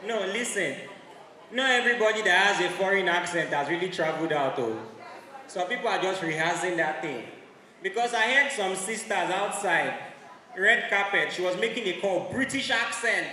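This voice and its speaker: A man with a Nigerian accent doing stand-up comedy, loud and mimicking characters, often rising to shouts. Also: sits high, animated, moderate pace. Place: large hall. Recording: echoey hall from far off, noisy.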